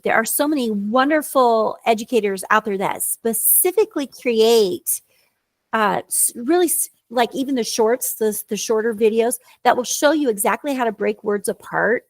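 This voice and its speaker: A woman's voice: a little high, normal speed, dry recording. Earnest woman tutor explaining. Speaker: tutor and podcast co-host. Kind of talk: casual educational chat.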